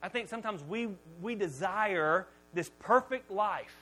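High-voiced, animated preacher. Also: male voice, unhurried, poor audio. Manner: animated storytelling, jokey. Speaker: pastor. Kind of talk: sermon.

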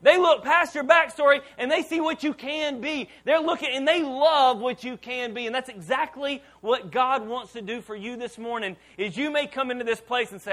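A man in his thirties preaching a sermon as pastor to a church congregation, casual and animated, leading the room in call-and-response. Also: very high-pitched, normal speed, few pauses. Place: church auditorium before a congregation.

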